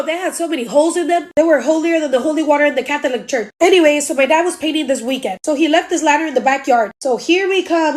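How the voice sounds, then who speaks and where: A high-pitched woman tells story-time tales in a casual, slangy voice that swells loud and dramatic at the peaks. The sound is dry and close. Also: dry recording, low-quality recording.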